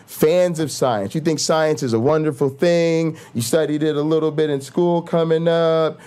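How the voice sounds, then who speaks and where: Animated profane man ranting on camera. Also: fairly high pitch, smooth. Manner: animated, profane, says "right?" a lot. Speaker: YouTube host. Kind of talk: casual profane rant.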